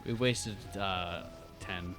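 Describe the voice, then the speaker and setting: A man's voice: deep voice, extremely slow, fairly bright tone, soft background music. A young man co-hosting a podcast, bantering casually and profanely while playing a video game. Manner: laid-back, profane banter. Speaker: podcast co-host.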